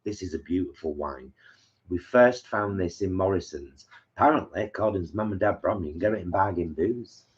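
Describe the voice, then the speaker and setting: A man chats on a live stream, wandering through stories in a relaxed, talkative way. The sound is muffled and lo-fi. He is a co-host, not a presenter reading a script. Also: low voice, brisk. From England. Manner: chatty, storytelling. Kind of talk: casual live-stream chat. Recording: dull lo-fi sound.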